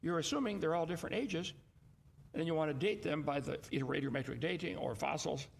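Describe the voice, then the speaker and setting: Gravelly man lecturing emphatically. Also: on the high side, fast. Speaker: host. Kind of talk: argumentative call-in commentary.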